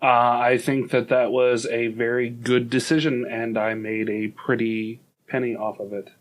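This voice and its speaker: A man's voice: medium pitch, little pitch movement, unhurried. A man co-hosting a podcast in casual chat, giggling often and hedging with fillers. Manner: giggly, hesitant, lots of fillers and restarts. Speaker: podcast co-host.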